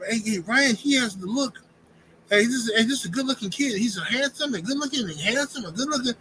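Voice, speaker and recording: A man's voice: very high-pitched, animated, fairly quick, bright, forceful tone, a little hiss or hum, pitched above the performer's own voice, exaggerated voice. A man mimicking another man who gushes effusively over a handsome boxer. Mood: gushing. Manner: effusive, breathless gushing.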